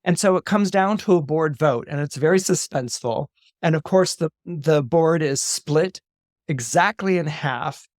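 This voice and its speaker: Animated male storyteller, dry sound. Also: fairly high pitch, a little slow, no room sound. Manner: animated, repeats words, acts out dialogue. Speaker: astrologer guest.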